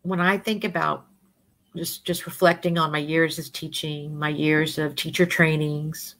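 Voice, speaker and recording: A middle-aged woman educator speaking as an interview guest, animated and often acting out the voices of people she quotes. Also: deep voice, measured pace. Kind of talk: conversational interview.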